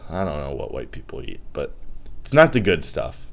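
A man's voice: rumbling low, big pitch swings, normal speed, gravelly. A young man hosting his own podcast, ranting casually with lots of swearing, rambling jokes and loose asides. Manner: profane, rambling, loose and joking. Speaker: podcast host. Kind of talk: casual comedic rant.

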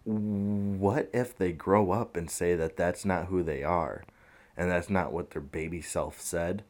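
A young man rambles through the news in a relaxed, rambling podcast chat, cursing freely and chuckling at his own points. His voice sits very low, and he takes his time with every sentence. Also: takes it slowly. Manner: laid-back, rambling, laughs often, swears. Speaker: podcast host. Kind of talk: casual commentary on news.

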